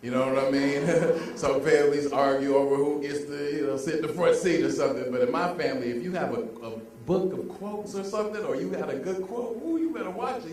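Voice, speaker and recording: A man's voice: a little high, a little mellow. A young man giving a live motivational talk, telling stories and leading call-and-response with a crowd. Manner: call-and-response, laughing, storytelling. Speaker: motivational speaker. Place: large hall with live audience. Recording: echoey room, distant mic, faint noise.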